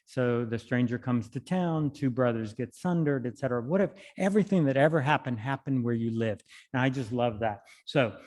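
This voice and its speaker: A man's voice: medium pitch, animated, moderate pace, hardly any pauses, a little mellow. Man, poet, reading and chatting about his work, thoughtful, library hall, long reverb. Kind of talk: poetry reading with spoken commentary.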